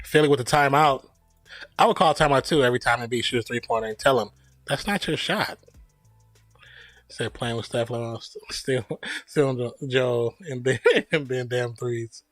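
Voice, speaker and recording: A man's voice: medium pitch, fairly even intonation, moderate pace, fairly bright tone, no room sound, soft background music. A man streaming casual play-by-play of a basketball game, opinionated and jokey, laughing at his own remarks. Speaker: streamer giving play-by-play at a live watch party. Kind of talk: casual fan play-by-play commentary.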